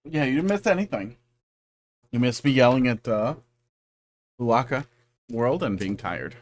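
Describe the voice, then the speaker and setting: A man's voice: medium pitch, expressive, measured pace. A man streaming a game, casually chatting with viewers and talking fondly to his cats. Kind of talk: casual live-stream chat.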